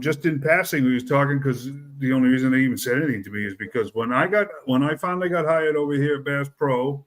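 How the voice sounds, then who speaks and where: A middle-aged man, hosting a casual chat and rambling through his points with fillers and restarts. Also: mid-range voice.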